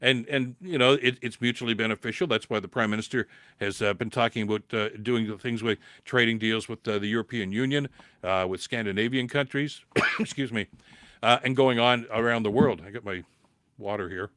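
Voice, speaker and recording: An impassioned Canadian man hosts a live call-in podcast, reading out viewer comments and pushing back hard, often stumbling over repeated words as he builds to emphatic peaks. His voice sits in an ordinary middle pitch, with a slightly dry throat left over from a recent cold. The sound is close and dry, with no room around it. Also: brisk, fairly bright tone, no echo.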